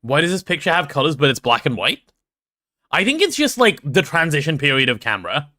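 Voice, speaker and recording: Animated posh London man streaming. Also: a little high, a little fast. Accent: London English. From England. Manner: chatty and animated, reads chat aloud, playful mock drama. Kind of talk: casual live-stream chat.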